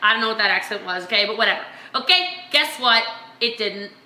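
A woman business coach and vlog host giving an energetic, emphatic motivational talk to her sales team, repeating phrases for effect. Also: medium pitch, fairly quick, roomy sound.

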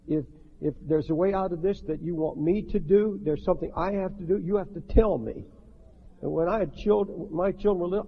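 A man's voice: fairly high pitch, big-room sound. An older man preaching a sermon, earnest and pleading, leading his listeners in prayer. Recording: dull lo-fi archive recording with faint hiss.

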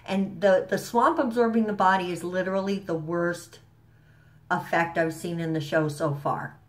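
Woman vlogger, slightly low voice, stuffy, casual slangy show recap to camera. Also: steady tone, moderate pace. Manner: chatty, rambling, enthusiastic, with frequent fillers and slang. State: stuffy from allergies.

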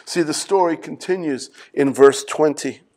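High-voiced man preaching a sermon. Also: moderate pace, darkish tone. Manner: preaching with rhetorical questions to the congregation; clears his throat between passages. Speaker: pastor.

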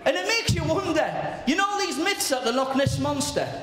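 A brash comedian warms up a crowd, swearing freely and shouting his punchlines. His voice runs high and lively. The sound booms around a very echoey venue. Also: moderate pace. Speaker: warm-up comedian. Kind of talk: stand-up comedy.

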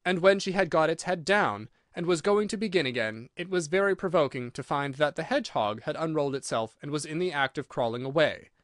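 A man reading a children's audiobook with an expressive, animated delivery. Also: a little high, brisk, hardly any pauses, no echo, studio quality. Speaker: audiobook narrator. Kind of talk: audiobook narration.

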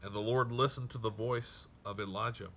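A man preaching a sermon, reading scripture aloud and explaining it in an earnest, emphatic way that drops soft at grave points. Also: on the low side, steady tone, moderate pace, noisy background. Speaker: pastor.

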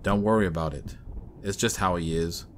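A man with a low voice voicing a calm, kindly older brother on a hunting trip, easygoing and reassuring. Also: moderate pace, slight background noise, natural voice.

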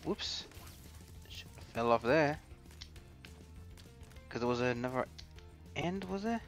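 Casting: let's-play host, lively swoops in pitch, light game music behind. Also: male voice, slow. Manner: chatty, talks to game characters, mild swearing. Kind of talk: casual gameplay commentary.

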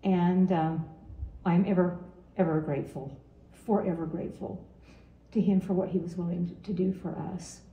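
A woman's voice: lowish voice, steady tone, normal speed, echoey room, narrow, tinny audio. A woman in her seventies from Utah, giving a heartfelt farewell message to her grandson, earnest and often repeating her phrases. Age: 70s.

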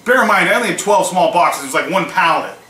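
A man tells a story in a casual vlog, acting out both sides of each exchange. His voice sits fairly high and sounds bright. The mic is set back from him in an echoey room, with a faint hiss underneath. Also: lively intonation, quick pace, recorded from a distance. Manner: recounts events, acting out both sides of conversations. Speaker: small online seller vlogger.

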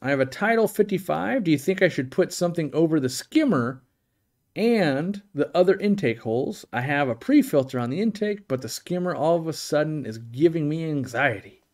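A middle-aged man hosts a live stream, fielding viewer questions in a casual Q&A chat that is blunt, opinionated and rambling, with lots of restarts. His voice sits on the high side, animated and slightly mellow, at a moderate pace.

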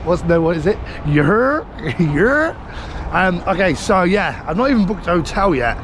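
High-voiced chatty British man, street noise. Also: big pitch swings, moderate pace. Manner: chatty, laughing, rambling. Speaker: travel vlogger. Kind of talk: casual vlog narration. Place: busy city street outdoors. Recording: loud street traffic behind.

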